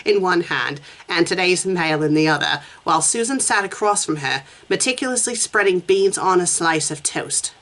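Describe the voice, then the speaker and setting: An English woman reads a story aloud in a lively, expressive voice, with pitch that swings widely. She keeps breaking off for sarcastic asides and laughter. She sounds amused and mocking. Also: normal speed, few pauses. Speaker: fanfiction reviewer. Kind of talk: reading a story aloud with commentary.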